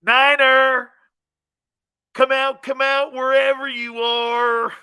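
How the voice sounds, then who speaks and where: A man doing a slow, sing-song impression of a menacing redneck stalker taunting someone to come out. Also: extremely high pitch, steady tone, sharp tone, clear, resonant tone, voice pushed up, heavily acted.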